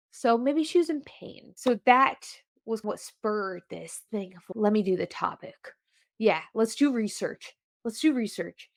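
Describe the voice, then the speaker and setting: A woman hosting a solo podcast, chatting in a rambling, animated way with many self-interruptions. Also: mid-range voice, no room sound, clean studio sound. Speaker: podcast host. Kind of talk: casual solo podcast chat.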